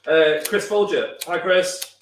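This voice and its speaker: A man's voice: a little high, takes it slowly, fairly bright tone, distant mic. Man, English accent, stream host, jokey, off-mic, echoey, faint hiss. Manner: chatty, jokey. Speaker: stream host reading viewer comments. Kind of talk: casual hosting chat.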